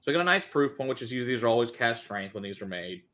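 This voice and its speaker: A man in easy, relaxed conversation with friends over a glass, reeling off tasting notes with obvious enthusiasm. His voice sits at an ordinary mid pitch, and he talks loosely and casually. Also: racing. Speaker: whiskey reviewer, co-host.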